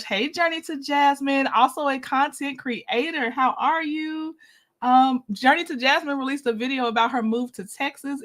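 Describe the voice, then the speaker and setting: A woman with a high, bright voice hosts a casual livestream in a loose, chatty manner. She laughs often and greets her viewers warmly by name. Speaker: livestream host.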